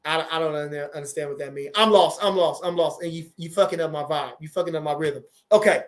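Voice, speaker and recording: A man in his forties with a fairly high voice, chatting loosely on a livestream and answering viewer comments. He speaks, swears freely, and doubles back on his words with lots of animation. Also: fast. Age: 40s. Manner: animated, profane, repeats phrases. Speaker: boxing trainer and livestream host. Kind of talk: casual livestream chat reading viewer comments.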